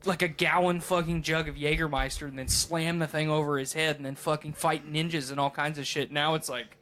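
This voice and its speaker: A man's voice: a little high, level tone, fairly quick, a bit bright. A man co-hosting a podcast in casual chat, rambling through stories with heavy swearing. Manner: profane, rambling storytelling. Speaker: podcast co-host.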